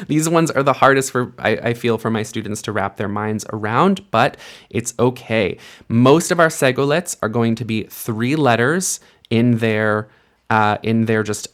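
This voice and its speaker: A man teaching a recorded grammar lesson, explaining patiently and sounding out example words with careful stress. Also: medium pitch. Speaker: Hebrew teacher.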